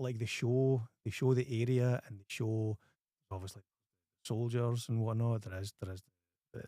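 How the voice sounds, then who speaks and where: A man's voice: fairly low pitch, no room sound, clean studio sound. Scottish man chatting about films. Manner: animated, often restarts phrases. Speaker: host. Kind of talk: casual film review chat.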